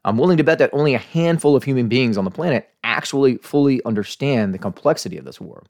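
A man's voice: medium pitch, lively intonation, fast talker, creaky, darkish tone. An American man hosting a scripted commentary podcast, earnestly arguing his points and asking rhetorical questions. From United States. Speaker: podcast host.

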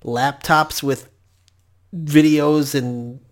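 A man's voice: a little high, fairly even intonation, very slow. A man co-hosting a podcast in casual chat, joking and laughing often as he talks. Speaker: podcast co-host.

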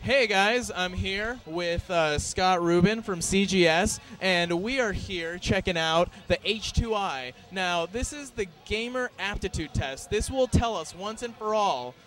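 A man hosting casual event coverage, playful and excitable, joking while he snacks and interviews. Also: sits high, unhurried, few pauses. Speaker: host.

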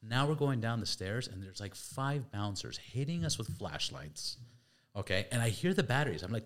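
A man hosting a podcast, telling a story in a chatty, halting way and acting out voices. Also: medium pitch, lively intonation. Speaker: podcast host. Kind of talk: casual storytelling.

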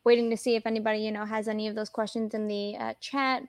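A woman's voice: mid-range voice, level tone, fast, no echo. A woman co-hosting a casual podcast interview, rambling through her questions with lots of fillers. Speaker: podcast co-host.

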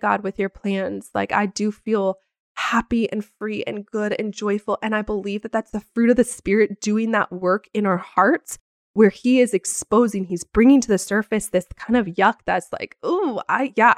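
A woman's voice: mid-range voice, no echo, clean studio sound. A young woman hosting a faith-based podcast, speaking earnestly and reading scripture aloud. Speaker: podcast host.

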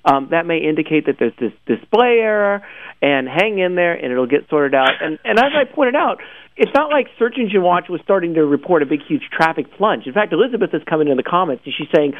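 A man's voice: a little high, brisk, noisy background. A man hosting a daily search news show in casual chat, talkative and laughing often, calling in by phone. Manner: chatty, laughs often, animated asides. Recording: tinny phone line.

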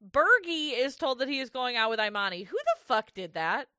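A woman with a bright, sharp voice sits a little higher than most. She recaps a reality show in loose podcast banter, swearing freely and sounding exasperated. The sound is dry and close, with no room around her. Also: big pitch swings, moderate pace, dry recording. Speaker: podcast co-host.

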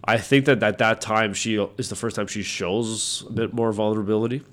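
A man in relaxed conversation about movies, his voice sitting on the lower side. He talks loosely with plenty of fillers and often backs up his co-host. Nothing about it sounds rehearsed. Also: a little fast. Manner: relaxed, many fillers and agreeing interjections. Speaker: podcast co-host. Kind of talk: casual film discussion.

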